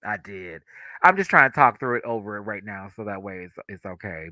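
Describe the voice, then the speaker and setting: A man hosting a livestream, chatting casually as an excitable fan who gushes and laughs often. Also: lowish voice, normal speed, no echo. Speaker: livestream host.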